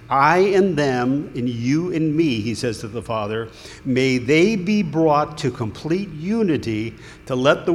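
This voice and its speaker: A man preaching a sermon in a conversational, earnest way, with small restarts. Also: medium pitch. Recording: long hall reverb, faint room noise.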